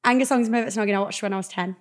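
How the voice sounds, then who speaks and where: A young woman hosting a podcast in a casual chat, excitable and giggly. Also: mid-range voice, rapid-fire. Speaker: podcast host.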